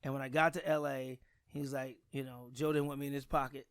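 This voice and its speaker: A middle-aged man, a comedian guest, telling stories in a casual, animated way full of restarts and slang. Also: medium pitch, fast. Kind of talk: casual storytelling.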